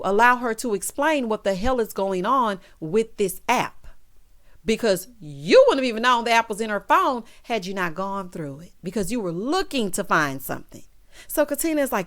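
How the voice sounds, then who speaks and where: A woman's voice: a little high, sing-song, moderate pace. A woman recapping a reality show, talking with sass straight to its cast and acting out their lines. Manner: sassy, talks straight to the people on the show; acts out each person's quoted lines. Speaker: recap vlogger.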